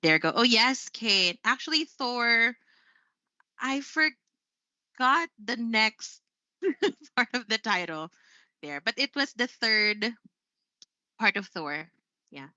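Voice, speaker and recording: A woman's voice: fairly high pitch, lively intonation, slow, pauses often, bright, forceful tone, dry recording. A woman from the Philippines teaching English online, chatty, with frequent fillers and self-corrections. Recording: dry, slightly muffled sound.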